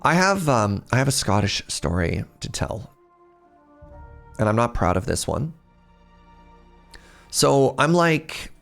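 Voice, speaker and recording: Gravelly-voiced man chatting while gaming. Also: medium pitch, big pitch swings, slow, pauses often, fairly bright tone, faint music behind. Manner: chatty, laughs often, jumps between stories and game. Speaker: game streamer. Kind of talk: casual gameplay chat.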